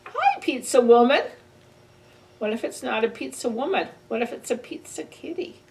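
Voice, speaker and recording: A woman's voice: fairly high pitch, fairly quick, vocal fry. A woman librarian reading a picture book aloud to children in a playful way, with animal sound effects. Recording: distant mic with faint ambient noise.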